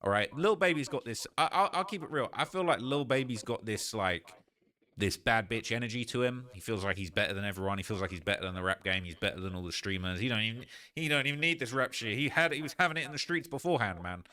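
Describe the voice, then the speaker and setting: Dude hosting a rap news reaction, slangy, opinionated, keeps going "all right?". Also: male voice, mid-range voice, quick pace, bright, forceful tone. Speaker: host. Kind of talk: casual reaction commentary.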